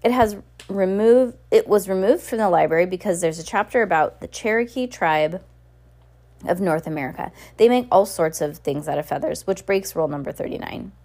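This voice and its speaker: A woman's voice: fairly low pitch, expressive, a little fast, a little mellow. A woman reading the lines of an earnest, bookish teenage boy who explains things eagerly. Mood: explaining.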